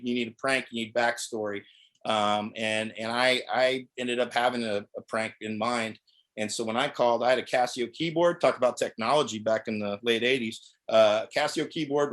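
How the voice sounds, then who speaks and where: A man's voice: mid-range voice, fairly bright tone. A middle-aged man doing a stand-up set on a video call, rambling with many restarts. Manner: rambling, self-interrupting delivery. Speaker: stand-up comedian.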